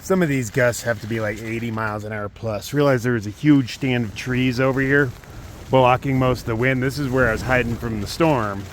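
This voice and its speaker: A cold and hungry man talks into a handheld camera from inside a small tent. His voice sits at an ordinary middle pitch. His delivery is weary and fed up, full of swearing, with faint wind noise behind him. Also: fairly even intonation, fairly quick. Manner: weary, frustrated, swears often. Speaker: long-distance hiker. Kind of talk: vlog filmed while camping.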